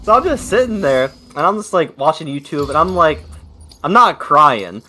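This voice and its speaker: A man's voice: on the high side, big pitch swings, moderate pace, sharp tone. A young man chatting casually, telling a profane, rambling story full of fillers. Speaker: streamer. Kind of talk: casual chat. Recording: noisy background.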